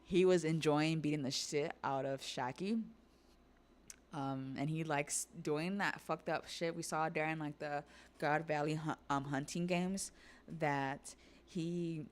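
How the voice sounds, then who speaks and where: A woman hosting a stream, casually recapping and reacting, chatty and profane. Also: low voice. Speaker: stream host. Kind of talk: casual episode recap and discussion.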